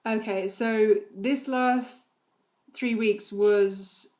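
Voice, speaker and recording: A woman's voice: medium pitch, steady tone, extremely slow, darkish tone. Chatty mother vlogging with many ums. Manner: chatty, many fillers, laughs often. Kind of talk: casual chat about her toddler.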